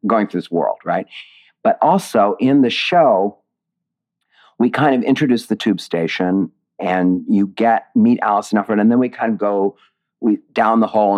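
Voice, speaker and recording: A man being interviewed about his writing, talking expressively and digressively with many restarts. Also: deep voice. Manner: expressive, digressive, emotional at times. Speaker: author and lyricist. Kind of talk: interview conversation.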